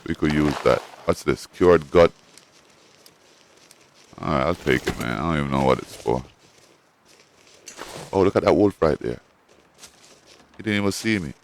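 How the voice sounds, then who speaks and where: Casting: a deep-voiced man doing loose, profane let's-play commentary, animated and excitable. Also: normal speed, long pauses, slight background noise. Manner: excitable, profane trash talk; talks to his in-game dog. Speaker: gamer and streamer.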